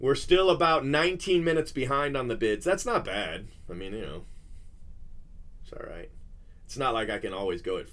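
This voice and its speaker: A man's voice: mid-range voice, sing-song, moderate pace, fairly bright tone. A man hosting a card-break livestream, chatting casually in a teasing, rambling way.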